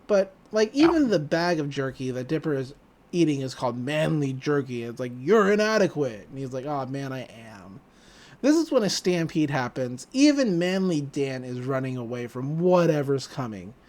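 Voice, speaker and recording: Woman host for a chatty episode-recap podcast; very expressive, swooping pitch. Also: moderate pace. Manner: animated, laughing, acting out quoted lines.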